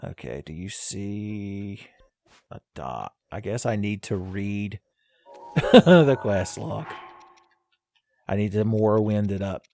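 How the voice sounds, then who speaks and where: A man's voice: fairly low pitch, expressive, takes it slowly, gravelly, pauses often, a little mellow, soft background music. A man giving casual, rambling gameplay commentary as a let's play host, joking and laughing often.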